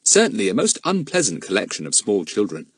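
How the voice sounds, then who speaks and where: A man's voice: lowish voice, wildly swooping pitch, brisk, slightly rough, no echo, studio quality. A man reading a children's adventure audiobook aloud as narrator. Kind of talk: scripted narration.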